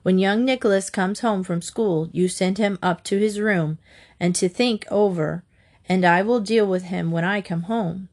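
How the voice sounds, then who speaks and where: A woman doing a calm, firm storybook father. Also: mid-range voice, measured pace.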